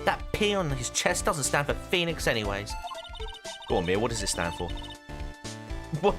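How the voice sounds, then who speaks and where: A man's voice: medium pitch, normal speed, pauses often. A British man hosting a game playthrough, joking and mocking himself as he comments. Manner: joking, self-mocking, animated. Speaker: let's play host. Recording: game music underneath.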